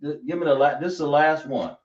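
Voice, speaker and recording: A man's voice: fairly high pitch, fast talker. Male teacher, drawling, quizzes the class, echoey dull room sound. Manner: drawling, self-correcting, asks the class questions. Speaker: Hebrew teacher.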